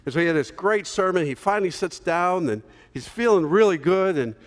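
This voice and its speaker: A man preaching a sermon as pastor, telling a story in a relaxed conversational way with small fillers. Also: sits high, brisk, long reverb tail.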